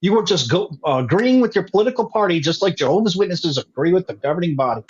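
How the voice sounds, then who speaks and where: A man's voice: high-pitched, animated, quick pace, husky. A man in a casual chat, ranting hotly and swearing freely. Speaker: guest. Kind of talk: casual conversation. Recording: dull lo-fi sound.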